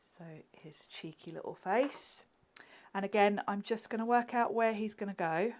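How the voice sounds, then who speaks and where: A woman's voice: mid-range voice, moderate pace. A woman chatting and giggling through a live card-making demonstration, often dropping to a murmur as she works. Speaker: craft demonstrator.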